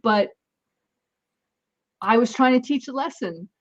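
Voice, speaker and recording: Woman telling lively parenting stories. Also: a little high, slow, lo-fi sound. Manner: animated anecdotes, acts out dialogue. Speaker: guest, energy healer. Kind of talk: casual storytelling in an interview.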